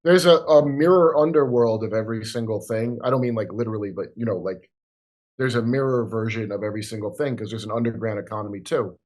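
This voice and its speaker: A man talking as a guest in casual chat, with an animated, emphatic, conspiratorial manner. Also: fairly low pitch, fast.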